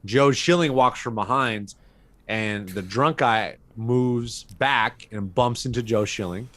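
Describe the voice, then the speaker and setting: A man's voice: medium pitch, slow, sharp tone. A man co-hosting a casual fight-sports chat, walking listeners through a video clip step by step. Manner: step-by-step recounting, casual swearing. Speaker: podcast co-host.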